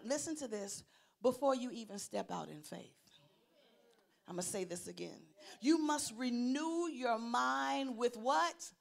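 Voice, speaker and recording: High-voiced woman pastor preaching with fervor. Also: gravelly. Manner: preaching with call-and-response, swinging from loud declarations to low asides. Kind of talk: sermon.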